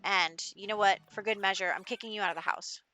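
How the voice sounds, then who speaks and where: A woman's voice: medium pitch, fairly even intonation, fast talker, pushed and bright, natural voice. Woman voicing a betrayed, furious wife. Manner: blunt and accusing, delivered as narrated quotes. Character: betrayed wife Sim, furious at her cheating husband.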